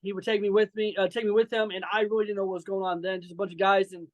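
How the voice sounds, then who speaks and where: A man's voice: high voice, flat delivery, racing, no room sound, low-quality recording. A man in his forties from Saint Louis, a wrestler guest chatting loosely with lots of fillers and some brash trash-talk. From Saint Louis, Missouri. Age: 40s. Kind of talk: casual interview chat.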